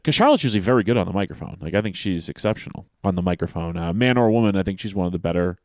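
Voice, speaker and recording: A man's voice: sits low, no echo, clean studio sound. A man co-hosting a podcast in casual chat, rambling and restarting his phrases with emphatic stresses. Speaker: wrestling podcast co-host.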